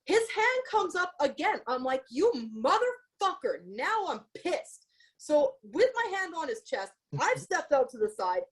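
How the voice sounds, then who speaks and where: Woman, high voice, casual storytelling, swears a lot, animated. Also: unhurried. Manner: profane, animated, quotes herself. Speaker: podcast co-host.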